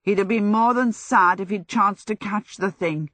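A woman's voice: mid-range voice, normal speed, fairly bright tone, no echo, natural voice. A vain, theatrical young male wizard , as a woman narrator reads him, full of dramatic exasperation in a storybook reading. The voice sounds close and dry. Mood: exasperated.

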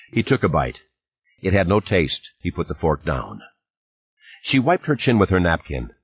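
A man narrating an audiobook in a measured, expressive reading, recorded on a dull lo-fi cassette. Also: low voice, slightly rough, no room sound. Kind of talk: scripted narration.

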